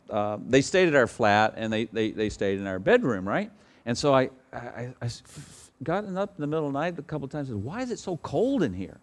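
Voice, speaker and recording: A middle-aged pastor preaching a sermon, asking the congregation rhetorical questions and swinging from loud emphatic outbursts to quiet storytelling. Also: male voice. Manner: preaching with sudden loud high bursts, then quiet anecdotes.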